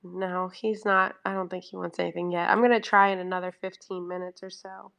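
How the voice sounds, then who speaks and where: A woman's voice: lowish voice, flat delivery, fairly quick, gravelly, a bit bright. A talkative woman livestreaming from home, chatting casually and acting out her own conversations. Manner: chatty, over-explaining, quoting herself in dialogue. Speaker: livestream host.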